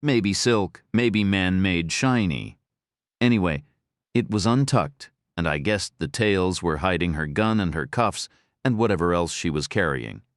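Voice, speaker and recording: A man reading a thriller audiobook in first person, steady and matter-of-fact. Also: low voice, a little slow, no room sound, clean studio sound. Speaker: audiobook narrator.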